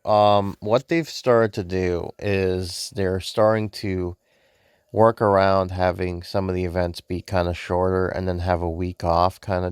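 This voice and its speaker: A man casually commenting on a game he is playing, relaxed and hesitant with many fillers, sounding sleepy. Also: deep voice, no echo. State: sleepy, yawning. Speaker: gameplay video host.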